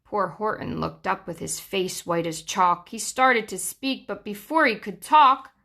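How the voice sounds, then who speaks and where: A young woman reads a rhyming children's story aloud, taking her time and leaning into the rhythm. Her voice is bright and clear, with a lilting, sing-song flow. She lets the ends of lines fall low for effect. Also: lively intonation. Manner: slow, sing-song rhyming delivery with dramatic drops. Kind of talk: children's book read aloud.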